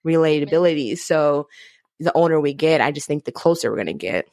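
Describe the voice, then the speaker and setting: Casting: woman podcast host, thirties, lower voice, laughs a lot, close and dry. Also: animated, fairly quick, a little mellow, dry recording. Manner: laughs often, loose and chatty. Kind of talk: casual chat.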